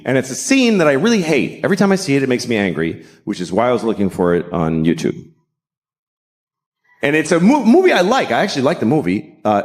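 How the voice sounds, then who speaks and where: Animated, profane stand-up comedian man. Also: mid-range voice. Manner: animated, profane, sarcastic, slips into mocking voices.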